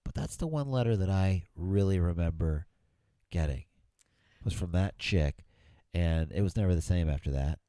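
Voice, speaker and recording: A man's voice: low voice, moderate pace, dark tone, no room sound, studio quality. A middle-aged man co-hosting a podcast, telling rambling stories in casual chat and swearing freely. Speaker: podcast co-host.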